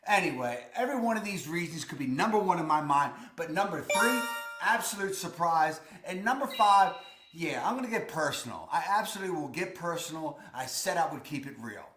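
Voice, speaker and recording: A man's voice: a little high, lively intonation, fairly quick, a bit bright, reverberant. A man from Baltimore with a Baltimore accent, talking to camera in a casual, enthusiastic, emphatic and folksy way. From Baltimore, Maryland. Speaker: host of a local living channel.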